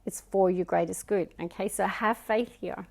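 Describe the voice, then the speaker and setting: A Scottish woman with a gravelly, middle-range voice reads a tarot spread casually, chatting at a normal speed. She thinks aloud over each card and often slips into soft murmurs between them.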